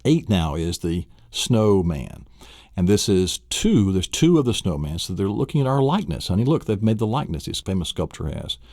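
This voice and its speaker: A man's voice: low-pitched, sing-song, normal speed, darkish tone, dry recording, clean studio sound. A man teaching a memory technique, quizzing the listener with questions he answers himself. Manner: enthusiastic, asks and answers his own questions. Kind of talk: spoken lesson walkthrough.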